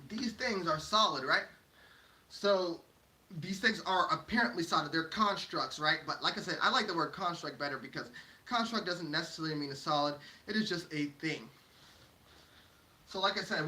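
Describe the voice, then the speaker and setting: A man's voice: on the high side, sharp tone. A man giving a playful, slangy motivational lecture at a whiteboard, laughing as he explains. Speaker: whiteboard teacher. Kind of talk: casual motivational lecture at a board. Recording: echoey room, mic at a distance.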